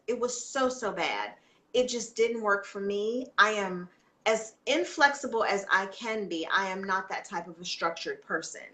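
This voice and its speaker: Podcast guest, woman, bright chatty storyteller, roomy echo on the mic. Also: mid-range voice. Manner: chatty storytelling, frequent fillers and restarts. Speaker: guest, homeschooling mother. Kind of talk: casual interview chat.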